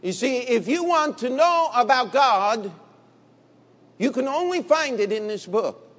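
A man preaching a sermon in a blunt, combative way, dropping to low murmurs and rising to loud emphatic bursts. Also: animated, unhurried. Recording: long hall reverb.

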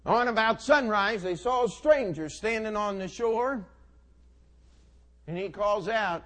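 A male preacher delivering a sermon, retelling scripture with folksy asides and dramatic swings between soft and loud. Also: sits high, takes it slowly, pauses often.

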